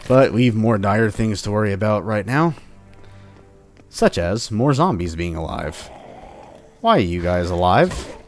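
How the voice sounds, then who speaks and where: A man's voice: lowish voice, lively intonation, measured pace, long pauses, faint music behind. A man playing through a game with casual commentary, teasing and taunting the enemies in a playful, joking way. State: sore upper back. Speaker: let's-play host.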